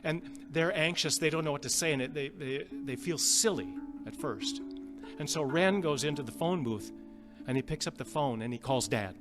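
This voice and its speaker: A male pastor from the Upper Midwest, telling a story in a sermon in a gentle, halting way and repeating phrases. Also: on the high side. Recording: long reverb with guitar music behind.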